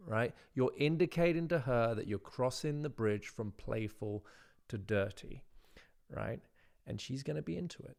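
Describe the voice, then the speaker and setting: A man's voice: mid-range voice, gravelly, a little mellow. Man coaching casually, peppering "right?". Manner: conversational, repeats "right?", demonstrates lines by slowing his delivery. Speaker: dating coach. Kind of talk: instructional talk to camera.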